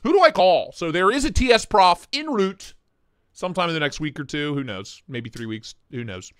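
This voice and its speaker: A man's voice: on the high side, expressive, normal speed, pushed and bright, clear, resonant tone, no echo, studio quality. A man hosting a casual live stream, joking and swearing as he greets viewers by name. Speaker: livestream host.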